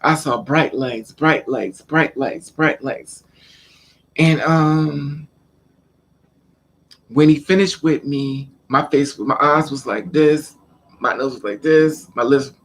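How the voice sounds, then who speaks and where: A man's voice: on the high side, slow pace, a bit bright. A man telling a personal story in a casual vlog, acting out scenes and repeating words for emphasis. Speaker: vlogger.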